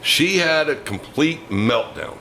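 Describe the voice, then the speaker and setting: Angry male talk-show co-host, lively animated rant, bright and forceful tone. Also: a little high, slow pace, a little hiss or hum, poor audio. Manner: emphatic, ranting delivery. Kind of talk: opinionated political talk.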